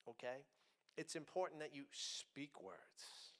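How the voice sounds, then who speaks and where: A man preaching a sermon. He speaks emphatically, slows on key words, and swings between loud and soft. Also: a little high, very animated.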